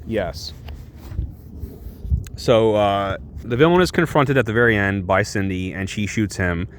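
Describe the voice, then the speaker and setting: A man's voice: lowish voice, a little slow, slight background noise. A man giving a casual, rambling and enthusiastic comic book review.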